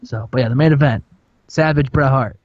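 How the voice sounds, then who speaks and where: Excitable guy narrating his game, slightly husky, muffled dry mic. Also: medium pitch, brisk. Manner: excitable, stumbles and repeats words. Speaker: video game streamer.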